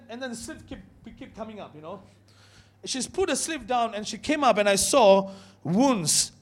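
High-voiced young guy preaching, emphatic, keeps repeating himself and calling out to the church. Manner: animated, emphatic, repeats words, calls out to the congregation. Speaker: pastor. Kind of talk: sermon with storytelling.

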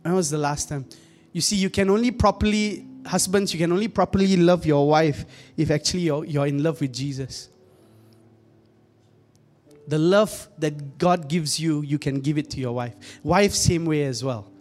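A man's voice: on the high side, normal speed, darkish tone. A young man preaching a conversational sermon, often calling out to the congregation and joking in asides. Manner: joking, laughs at his own asides.

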